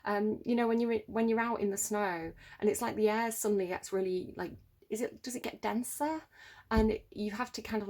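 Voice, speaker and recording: A woman's voice: medium pitch, fairly even intonation, normal speed, a little mellow. Musing woman tarot reader. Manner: musing, thinks aloud with many fillers. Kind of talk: tarot reading to camera. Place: home room near a road.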